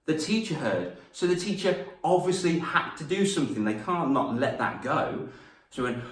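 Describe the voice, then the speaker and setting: A young man, a confidence coach and former teacher, telling stories in a lively lesson to camera and acting out voices as he goes. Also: on the high side, normal speed, far from the mic. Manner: animated, laughs at his own stories, acts out voices. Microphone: camera mic. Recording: roomy echo, mic set back.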